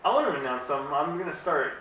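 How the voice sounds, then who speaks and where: A man's voice: a little high, sing-song, rapid-fire, pushed and bright. A young man co-hosting a casual comedy podcast, playful and teasing in a loose, jokey way. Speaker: podcast co-host. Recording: very echoey room, distant mic, faint hiss.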